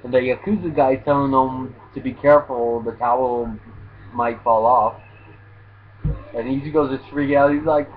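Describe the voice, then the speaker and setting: A man's voice: mid-range voice, normal speed. Casual young man on a tinny mic. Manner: laid-back, swears often, stumbles and restarts while recapping. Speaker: manga reviewer. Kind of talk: casual chapter review. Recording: tinny phone-like lo-fi audio.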